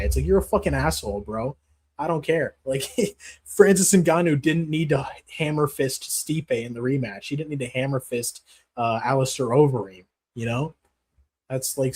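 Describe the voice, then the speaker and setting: Answering live chat on his MMA channel's casual stream, this man rambles, swears, and leans on slang, addressing viewers as "bro." His voice sits at a medium pitch with a touch of mellowness.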